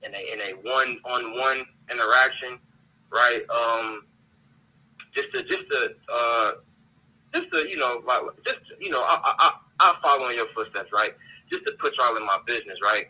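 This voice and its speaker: A caller to a talk show launches into a heated, blunt rant laced with profanity, often repeating words while hunting for the next one. His voice is mid-pitched and sharp, his pace moderate, and the audio quality poor.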